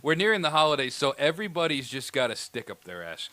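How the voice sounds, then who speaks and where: A man's voice: fairly high pitch, very animated, fast talker, pushed and bright, no echo. A man co-hosting a podcast in casual, self-mocking banter, laughing often. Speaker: podcast co-host.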